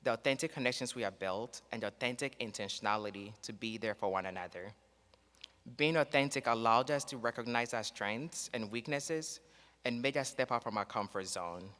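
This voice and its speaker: A man giving an earnest, measured commencement speech as a graduating student, read from a script in a large ceremony hall. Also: mid-range voice, a bit bright. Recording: long reverb in a large hall.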